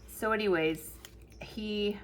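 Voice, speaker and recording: A woman's voice: medium pitch, slow pace, fairly bright tone, slight background noise. A middle-aged woman vlogging in a casual, chatty way, telling a long family story and acting out what everyone said, with lots of "like". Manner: peppers speech with "like". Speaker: planner vlogger. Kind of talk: casual chat while planning.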